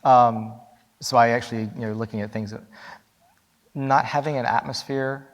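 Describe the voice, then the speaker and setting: A man speaking on a conference panel, thoughtful and pausing often with "um". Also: medium pitch, steady tone. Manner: thoughtful, with frequent "um" pauses. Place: large conference hall. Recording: long reverb of a large conference hall.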